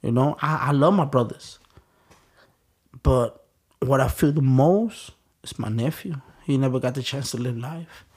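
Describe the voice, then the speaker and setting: Recounting his own life as an interview guest, an adult Chicago man talks rough and profane in a plain, mid-pitched, darkish voice. His storytelling is halting and blunt, with frequent sentence restarts.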